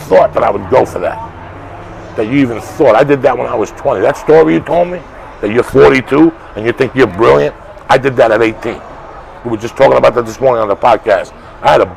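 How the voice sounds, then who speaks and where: A man being interviewed outdoors, telling blunt, swearing stories that build to loud, animated bursts. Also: medium pitch, creaky, rough recording. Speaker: interview guest. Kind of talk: profane storytelling in conversation. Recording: street crowd and traffic behind.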